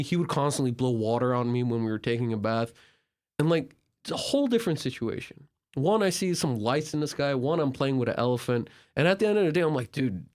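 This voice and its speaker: A young man from Turkey, a podcast guest, tells travel stories casually and acts out the conversations with lots of filler words. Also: mid-range voice. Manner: animated, filler-heavy, acts out dialogue. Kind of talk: casual storytelling.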